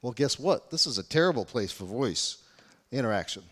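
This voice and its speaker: A man's voice: medium pitch, lively intonation, normal speed, fairly bright tone. A man giving a UX workshop talk to a live audience, engaging them with questions. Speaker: UX workshop speaker. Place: conference room. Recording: reverberant conference hall.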